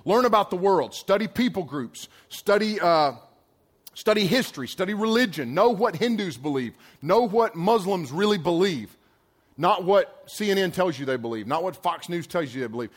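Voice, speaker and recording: High-voiced chatty man preaching. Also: expressive, moderate pace. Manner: chatty, storytelling, slangy asides. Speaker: pastor. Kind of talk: sermon to a youth audience.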